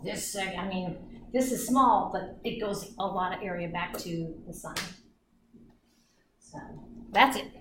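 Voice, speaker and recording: A woman's voice: mid-range voice, bright, forceful tone, far from the mic, slight background noise. A woman lecturing an astronomy class, chatty and full of restarts, sometimes acting out orbits with sound effects. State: out of breath. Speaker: astronomy instructor. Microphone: far from the mic. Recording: echoey classroom recorded from afar.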